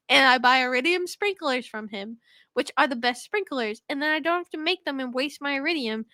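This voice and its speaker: A woman co-hosting a podcast in casual chat, excitable and quick to swear and laugh. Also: high-pitched, no room sound, clean studio sound. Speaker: podcast co-host.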